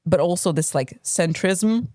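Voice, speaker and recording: A woman's voice: on the low side, a little slow, a little mellow, dry recording, studio quality. A woman co-hosting a podcast, analysing a book and sharing facts she has looked up. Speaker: podcast co-host. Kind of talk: casual book discussion.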